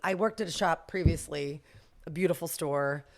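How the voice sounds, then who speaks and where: Middle-aged woman, animated storyteller, slightly low voice, laughs a lot, mimics people. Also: normal speed. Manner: animated, laughs often, self-mocking, acts out quoted voices. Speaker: podcast guest, boutique owner. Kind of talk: lively anecdotal storytelling.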